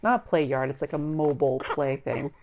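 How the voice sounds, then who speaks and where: A chatty woman in her thirties with a notably low voice, talking casually on a podcast. She rambles along with plenty of ums and likes, relaxed and conversational. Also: moderate pace, muffled recording, background noise. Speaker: podcast co-host. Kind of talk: casual chat.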